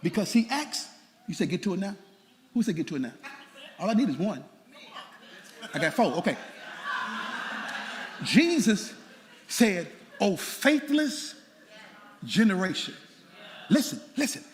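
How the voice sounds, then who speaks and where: Lively, high-voiced preaching pastor. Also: male voice, fairly quick, pauses often. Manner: animated, playful preaching with laughing asides to the congregation. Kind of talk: sermon. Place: large church sanctuary. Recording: church hall reverb with faint room noise.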